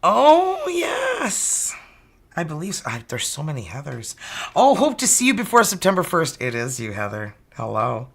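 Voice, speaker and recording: A woman's voice: extremely low pitch, very animated, brisk, creaky, breathy edge. A woman in her fifties giving chatty, upbeat tarot readings on a live stream. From Canada. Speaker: tarot reader.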